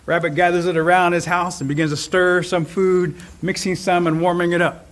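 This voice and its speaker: High-voiced, animated male storyteller. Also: brisk. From Cherokee Nation. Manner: animated, expressive. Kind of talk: oral storytelling.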